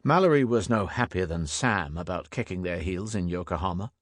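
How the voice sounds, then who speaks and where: A man reading a historical thriller audiobook in a measured, even storytelling voice. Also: low-pitched, no room sound, studio quality. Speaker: audiobook narrator. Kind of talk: scripted audiobook narration.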